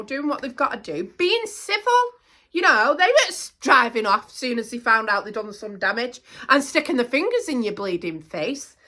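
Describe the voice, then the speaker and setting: A middle-aged woman, talking casually to camera as a vlogger, animated and indignant, repeating herself. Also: on the high side.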